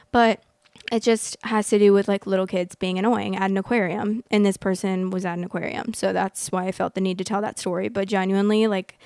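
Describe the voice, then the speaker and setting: A young woman hosting a show, telling a heated personal story in a casual, animated way full of fillers. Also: mid-range voice, clear, resonant tone, no room sound, clean studio sound. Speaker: podcast host reading stories.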